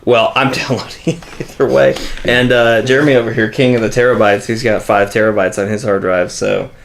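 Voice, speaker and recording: A man's voice: mid-range voice, steady tone, a little fast, gravelly, slight background noise. A man hosting a casual gaming podcast, chatting in a rambling way and laughing often. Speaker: podcast host.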